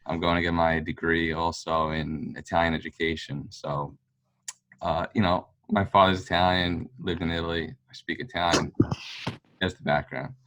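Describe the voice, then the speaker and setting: A man's voice: low voice, level tone, normal speed, a bit bright. A man, a golf fan, telling a long story in casual chat, rambling with lots of fillers. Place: local pub.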